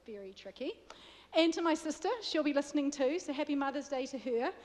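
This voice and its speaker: A woman from New Zealand, accent plain in every word, delivers a sermon in a relaxed, joking way. Her voice sits high and light. It rings out with a long reverb through a church hall. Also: fairly quick. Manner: chatty, self-deprecating, joking with the congregation. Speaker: guest preacher.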